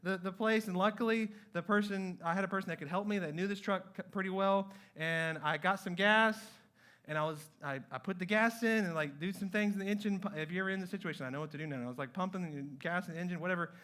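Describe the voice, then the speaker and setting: Bright-voiced man telling a sermon story. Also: sits high, fast talker, clear, resonant tone. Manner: animated storytelling with acted-out quotes. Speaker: pastor. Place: church sanctuary.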